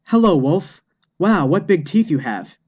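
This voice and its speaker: Little Red Riding Hood, high and chirpy, as a man puts her on. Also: expressive, measured pace, a little mellow, slightly rough, muffled recording, full character voice. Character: cheerful young girl in red.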